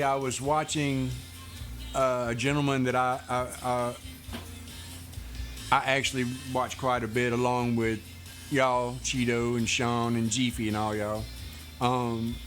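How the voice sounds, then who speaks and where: A man's voice: medium pitch, fairly bright tone. A man chatting casually with viewers while streaming a truck driving game, laid-back and laughing often. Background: faint music.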